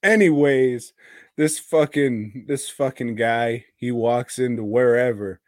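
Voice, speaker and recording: A man's voice: medium pitch, slow pace, no echo, clean studio sound. A man co-hosting a podcast in casual chat, rambling and teasing with crude language. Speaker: podcast co-host.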